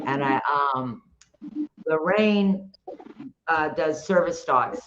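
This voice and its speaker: A talkative woman hosting a casual chat, a former dog trainer who calls herself a loudmouth, rambling in an animated way. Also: deep voice, slow pace. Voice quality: loud, talkative. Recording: dull lo-fi sound, faint noise.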